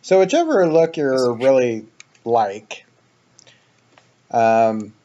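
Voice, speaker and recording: A man's voice: medium pitch, lively intonation, very slow, warm tone, highs cut off. A man hosting a casual let's play, explaining his building ideas as he thinks aloud, with frequent ums. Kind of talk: casual gameplay commentary.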